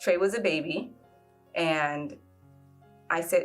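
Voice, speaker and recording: A woman in her forties telling a personal love story in a reflective way, often pausing with "um". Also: lowish voice, steady tone, a bit bright, soft background music. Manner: reflective, fills pauses with "um". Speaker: guest sharing a love story.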